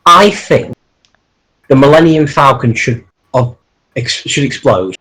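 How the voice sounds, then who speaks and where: A man's voice: mid-range voice, lively intonation, unhurried, fairly bright tone, poor audio. A man chatting casually with a friend, eagerly rambling through plot ideas he makes up as he goes.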